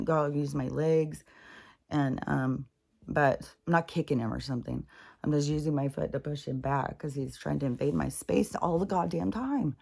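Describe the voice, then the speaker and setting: A woman's voice: deep voice, gravelly, a little mellow. A middle-aged woman at home, talking frankly and rambling in a casual, profane chat for her spiritual vlog. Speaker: spiritual vlogger.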